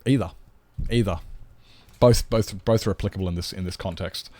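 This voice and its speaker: A low-voiced Australian man talks to viewers during a casual live stream while gaming, blunt, sweary, and rambling. He speaks at a moderate pace with a mellow tone, and there's no room sound.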